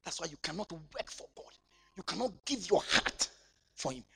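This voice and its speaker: A man preaching a sermon in church, swinging between shouting and near-whispering. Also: sits high, animated, normal speed, gravelly, slightly rough. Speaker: pastor.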